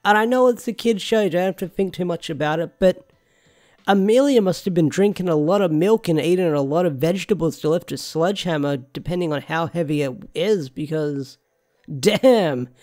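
A young man talks through a show review in a loose, rambling way. His voice sits a little high for a man. He doubles back on phrases and thinks out loud while he talks. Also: normal speed. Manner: rambling, repeats himself, thinks aloud. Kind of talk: casual solo review talk.

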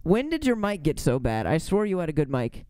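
A man's voice: fairly high pitch, wildly swooping pitch, fairly quick, over music. A man streaming casually while reacting to a video, loose and self-mocking with frequent swearing.

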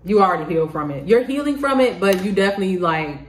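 A woman giving a casual tarot reading to the camera, excitable, laughing often and swearing freely. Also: medium pitch, fast. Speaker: tarot reader. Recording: roomy echo.

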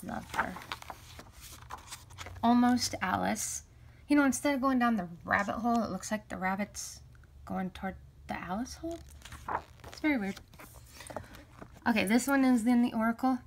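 A woman's voice: medium pitch, a little hiss or hum. A woman chatting enthusiastically as she shows and talks through a series of art prints, often trailing off and restarting. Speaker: tarot vlogger. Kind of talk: casual show-and-tell.

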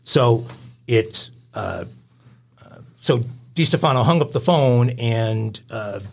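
A man's voice: mid-range voice, expressive, takes it slowly, gravelly. Man reading crime news on a podcast. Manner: reads news stories aloud with filler uhs and asides. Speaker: podcast co-host.

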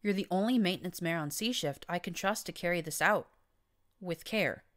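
A woman playing a smooth, scheming mare overseer. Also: fairly low pitch, normal speed, close to an everyday voice. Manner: smooth, purring, controlling. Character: scheming female pony leader, smooth and manipulative.

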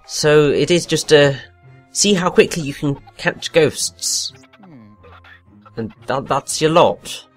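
A man doing animated, chatty co-commentary on a video game, often restarting his sentences. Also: fairly high pitch, takes it slowly, long pauses. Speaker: let's play co-commentator. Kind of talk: casual gameplay commentary. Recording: game music underneath.

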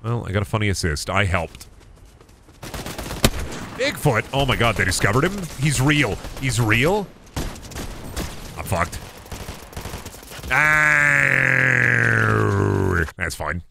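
A man streaming a video game, talking to his chat as he plays. He rambles, stumbles over his words and swears freely while mocking other players. His mid-pitched voice swoops up and down with lively, animated intonation. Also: slow pace, long pauses, background noise. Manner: profane, mocking rants at chat and opponents; rambling, self-interrupting. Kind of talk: live gaming commentary.

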